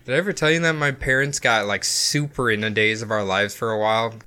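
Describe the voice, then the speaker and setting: Laughing, bright-voiced young man. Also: fairly low pitch, steady tone, quick pace, clear, resonant tone. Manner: laughs often, joking and crude. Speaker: podcast co-host. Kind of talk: casual comedy chat.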